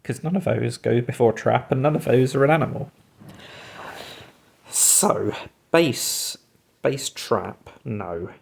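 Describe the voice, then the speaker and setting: A man's voice: mid-range voice, lively intonation, slow, creaky, pauses often, slightly rough. A man hosting a puzzle video, musing and talking himself through his guesses while solving a word game.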